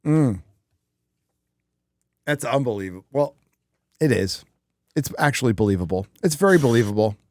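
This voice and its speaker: A mid-pitched man hosting a live stream in plain, blunt speech peppered with swearing. His voice sits close and dry on the mic with no room around it. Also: expressive, moderate pace, long pauses, darkish tone, no room sound. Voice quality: profane, blunt. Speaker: livestream host. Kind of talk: casual live stream chat.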